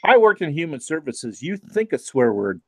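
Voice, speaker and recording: A man's voice: a little high, big pitch swings, moderate pace, fairly bright tone, dry recording. A man chatting casually, making dry, wry remarks.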